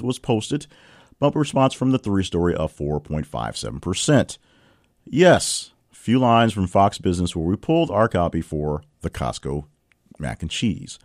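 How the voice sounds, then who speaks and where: Male host, low voice with big pitch swings, wry casual news read, dry close mic. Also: dry recording. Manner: reads headlines with wry asides and lively swings in pitch. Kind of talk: casual news roundup reading.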